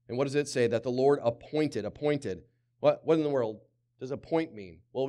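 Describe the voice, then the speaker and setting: A male pastor delivers a sermon in a voice of ordinary, middle pitch. He speaks emphatically, repeats key phrases and poses rhetorical questions. He also asks the congregation to repeat lines back to him.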